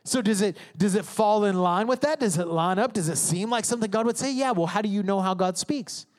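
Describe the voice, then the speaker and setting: A man with a high, bright voice preaches from the stage, his words ringing through a reverberant sanctuary. He talks emphatically and conversationally, slipping into the voices and prayers of his congregation. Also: fairly quick. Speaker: pastor. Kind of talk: sermon. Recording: reverberant hall.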